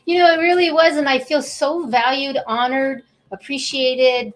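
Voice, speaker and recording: A woman's voice: high-pitched, fairly even intonation, moderate pace, rough recording. A woman co-hosting a talk show, counseling-minded, speaking emotionally with repeated words and heartfelt emphasis.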